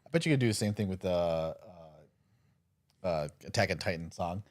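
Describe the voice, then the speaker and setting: A man's voice: low voice, animated, a little fast, no room sound, studio quality. A man co-hosting a casual podcast livestream, chatting playfully and laughing often. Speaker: podcast co-host.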